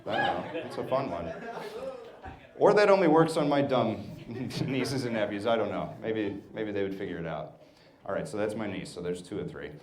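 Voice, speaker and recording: A man's voice: lowish voice, lively intonation, echoey room. A man in his thirties telling stand-up stories about his family on a club stage. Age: 30s. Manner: storytelling, acts out family members in quick bits. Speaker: stand-up comedian. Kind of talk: stand-up set. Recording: live club audience laughter. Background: laughing audience.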